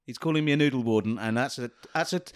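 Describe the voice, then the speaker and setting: A man's voice: mid-range voice, fast talker. A man hosting a podcast, arguing in casual, pedantic banter with plenty of swearing. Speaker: podcast host.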